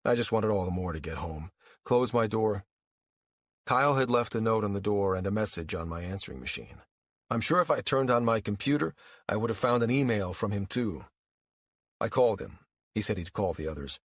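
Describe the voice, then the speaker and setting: A man narrating a first-person audiobook in a weary, wry, even-paced storytelling manner. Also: fairly low pitch, dry recording.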